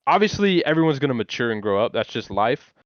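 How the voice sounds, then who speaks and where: A man on a casual gaming podcast who argues his points in an animated, slang-filled way. His voice sits mid-range and comes through a dry, dull, lo-fi mic. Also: mid-range voice, fast, no room sound. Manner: animated, storytelling, uses slang. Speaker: podcast co-host.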